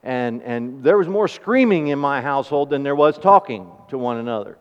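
A man preaching a sermon, asking the congregation questions and telling homely stories in an animated way. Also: mid-range voice, normal speed, clear, resonant tone. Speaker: pastor. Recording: dull recording with long hall reverb.

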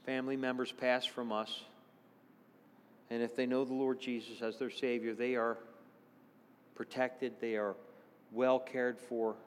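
A man preaching a sermon, earnest, moving between hushed tones and excited exclamations. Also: medium pitch, unhurried, pauses often, in a large hall.

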